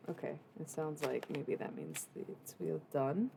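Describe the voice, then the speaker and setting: A woman's voice: deep voice, expressive, measured pace, gravelly, few pauses, warm tone, slight background noise. A woman livestreaming a casual intuitive reading, rambling from thought to thought with slang, swearing and mystical asides.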